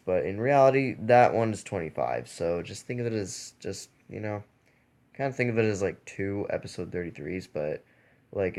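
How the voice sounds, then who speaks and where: A man's voice: fairly low pitch, a little mellow. A young man hosting a mobile gaming channel, rambling in casual gameplay commentary with lots of fillers and restarts.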